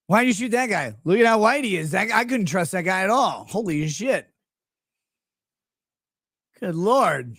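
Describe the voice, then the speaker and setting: A man's voice: high-pitched, animated, a little slow, pauses often, a bit bright, no echo, clean studio sound. A man hosting a livestream, talking casually with sarcasm and mocking asides, often acting out the people he describes. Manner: sarcastic, mocking, acts out quoted people in put-on voices. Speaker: livestream host. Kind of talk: casual commentary.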